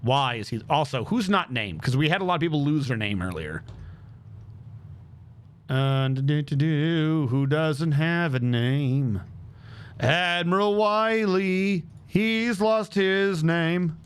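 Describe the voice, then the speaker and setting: A man's voice: fairly high pitch, expressive, takes it slowly, clear, resonant tone. A man streaming a game, talking to himself in a casual, muttering way and humming now and then. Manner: talks to himself while playing, muttering and humming. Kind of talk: casual gameplay commentary.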